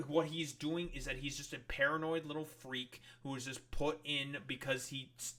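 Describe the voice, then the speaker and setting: Give me a male streamer with a bright, forceful voice, ranting in a furious, profanity-laden reaction to a clip. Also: mid-range voice. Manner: angry, swearing constantly.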